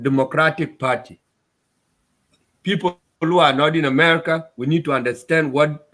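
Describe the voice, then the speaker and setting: Impassioned man, raised pitch. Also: a bit bright. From South Sudan. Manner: upset and emphatic, repeats his points. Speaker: community speaker. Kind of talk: impassioned address to his community.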